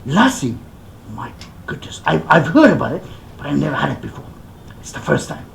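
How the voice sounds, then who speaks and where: A rakugo performer voicing an eager male visitor who is polite and flattering to his host while teasing him. The voice is lively in pitch and gravelly, heard in an echoey hall. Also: brisk, a little hiss or hum. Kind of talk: rakugo storytelling.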